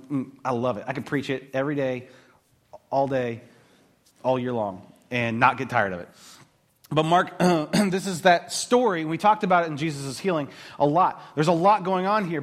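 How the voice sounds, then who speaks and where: A man preaching a sermon as a pastor, talking casually and acting out the voices of the people in his story. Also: fairly high pitch. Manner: animated, acts out quoted voices.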